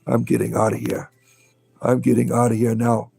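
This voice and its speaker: A man's voice: medium pitch, completely flat delivery, moderate pace, vocal fry, mellow, breathy edge, faint music behind. A huffy pet rabbit, as a man puts him on. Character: fed-up pet rabbit fleeing, male.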